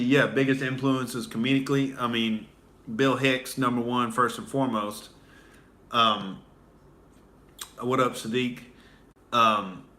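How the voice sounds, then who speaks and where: Man, comedian, stream host, crude storyteller, bright voice, middle pitch. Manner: crude, animated, acts out voices in his stories. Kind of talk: loose stand-up storytelling on a livestream.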